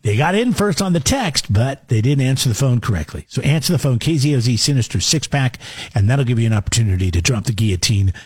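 A man's voice: mid-range voice, animated, fast, a little mellow, breathy edge, no room sound. A man hosting a radio morning show, chatting casually and reading out contest details. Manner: chatty, laughs easily, reads contest details.

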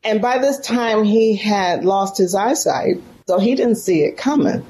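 A woman's voice: mid-range voice, a little slow, dark tone. Woman, middle-aged, from San Francisco, emotional storyteller, interview guest, faint hiss. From San Francisco, California. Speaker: guest, professor.

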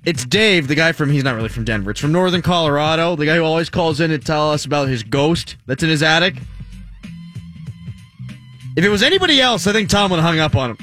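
A man hosting a sports radio show, bantering in an animated, sarcastic way. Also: a little high, quick pace, soft background music.

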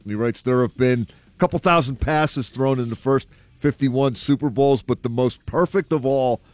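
A man's voice: mid-range voice, normal speed, a little mellow, no echo. A man hosting a sports talk show, speaking in an easy, conversational way while he reads down a list and adds his own comments. His voice is close and dry on the mic, and faint guitar music plays underneath. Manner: conversational, thinks aloud with "uh" fillers.

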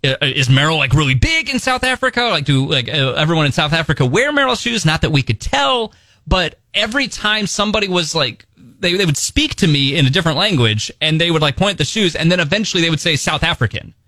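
A young man chatting on a morning radio show, his voice bright and fairly high. He tells stories in a rambling, animated way, and the studio sound is dry and close. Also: fast, no echo. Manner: rambling, animated storytelling with restarts and laughs. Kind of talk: casual on-air chat. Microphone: studio microphone.

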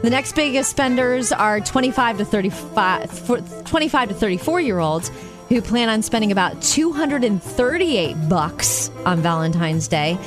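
A woman's voice: a little high, animated, normal speed, music in the background. A woman co-hosting a casual radio chat, teasing and laughing often. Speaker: radio co-host.

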